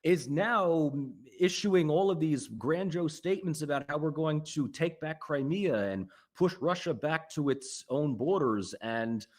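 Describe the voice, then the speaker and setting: A man, a political science lecturer, answering interview questions at length with animated, emphatic stress. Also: unhurried, few pauses. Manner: animated, emphatic rises in pitch and loudness.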